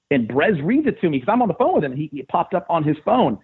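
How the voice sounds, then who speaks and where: Husky man excitedly telling a story over a phone line. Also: quick pace. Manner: excited, animated retelling with rising pitch. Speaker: sports radio host. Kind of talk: casual podcast storytelling.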